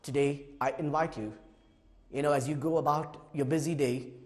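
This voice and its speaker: Man, high voice, sermon, hushed then fervent storytelling, long hall reverb. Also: fairly even intonation, moderate pace. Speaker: preacher.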